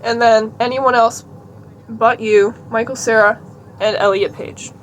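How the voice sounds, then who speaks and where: In a slightly high voice with fairly even intonation, a young woman speaks unhurriedly over slight background noise. She's a vlogger, chatty and giggly, reading a list aloud.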